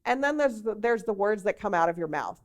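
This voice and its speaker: A woman teaching a workshop on job interview skills, lively and conversational, with demonstrations and asides. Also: mid-range voice, brisk. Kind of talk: workshop presentation to a group.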